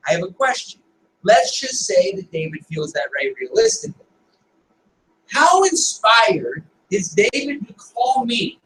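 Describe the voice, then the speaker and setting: A man with a high, bright and very animated voice coaches a group, piling up rhetorical questions and tagging points with "right?". He is picked up by a distant mic in an echoey room. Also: a little hiss or hum. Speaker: business coach leading a meeting. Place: meeting room.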